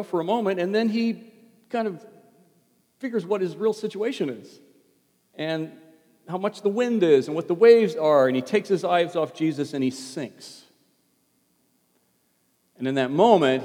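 A man preaching a sermon as a pastor, in a conversational tone that drops to a hush on quoted words. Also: on the high side. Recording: long hall reverb.

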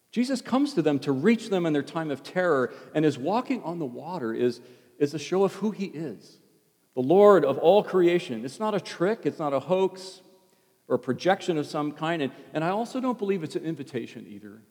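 A man preaching a sermon as a pastor, in a conversational tone that drops to a hush on quoted words. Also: fairly high pitch, sing-song, a little fast. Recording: long hall reverb.

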